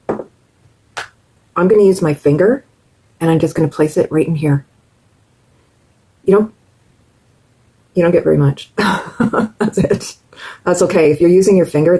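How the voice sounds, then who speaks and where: A woman's voice: low-pitched, warm tone, slightly rough, low-quality recording. A woman talking viewers through her makeup as a beauty vlogger, chatty and enthusiastic, addressing them directly. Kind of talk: casual makeup tutorial chat.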